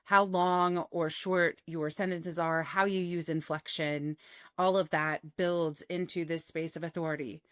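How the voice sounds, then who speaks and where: A woman coaching on vocal authority, her voice sitting a little low with a clean, clear tone. She demonstrates as she teaches, shifting resonance and cadence to make each point. The sound is dry and close, with no room echo. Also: steady tone, measured pace, fairly bright tone. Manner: clear, cleanly phonated delivery. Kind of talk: instructional talk to camera.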